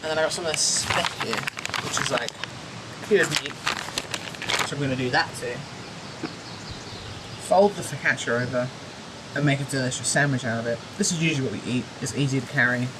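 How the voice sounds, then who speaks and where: Relaxed young woman vlogger outdoors. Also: rumbling low, moderate pace, long pauses, noisy background. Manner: relaxed, explaining step by step. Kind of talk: casual travel vlog chat.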